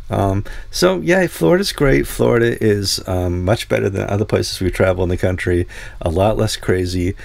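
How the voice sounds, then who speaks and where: Gravelly-voiced male show host. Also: on the low side, animated, normal speed, dry recording. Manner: rambling storyteller with many fillers. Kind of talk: casual chat.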